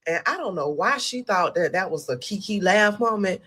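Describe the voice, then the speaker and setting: A woman's voice: mid-range voice, moderate pace, slightly rough. A young woman telling her own story in a storytime video, speaking candidly and acting out what she said and felt. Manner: candid, animated storytelling with vivid retelling. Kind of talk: storytime monologue.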